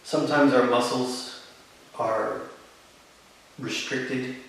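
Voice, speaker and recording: A man leads a yoga class with calm, encouraging step-by-step cues. His mid-range voice rings around a very reverberant studio. He sits well back from the mic, with a faint hiss underneath. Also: mid-range voice, slow, vocal fry, recorded from a distance. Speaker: yoga instructor. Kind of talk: live yoga class instruction.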